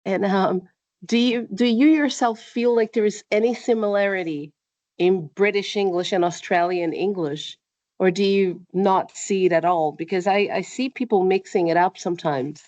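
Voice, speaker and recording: A woman's voice: medium pitch, moderate pace, darkish tone, dry recording. A woman from Brazil interviews a guest over a video call, building long, thoughtful questions. The audio sounds dull and muffled, and the room is very dry. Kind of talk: casual interview chat.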